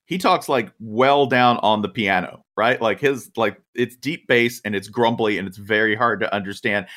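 A man's voice: lowish voice, normal speed, a bit bright. Emphatic man in casual sports chat. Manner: emphatic, keeps asking "right?". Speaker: podcast co-host.

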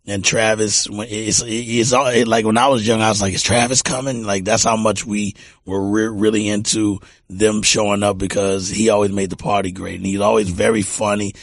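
Lower-voiced man telling rambling stories. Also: flat delivery, normal speed, few pauses, no room sound. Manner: rambling, repeats words, warm anecdotal. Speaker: music producer, guest. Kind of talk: casual storytelling interview.

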